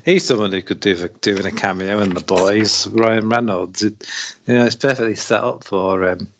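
A man's voice: lowish voice, fairly even intonation, moderate pace, background noise. A man from Britain co-hosting a podcast in laid-back casual chat, laughing a lot and using British slang. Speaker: podcast co-host.

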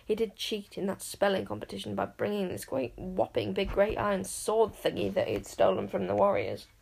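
A woman's voice: mid-range voice, brisk, creaky, darkish tone, husky. Sulky, jealous wizard boy, read by a woman in a storybook. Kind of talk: audiobook character voice.

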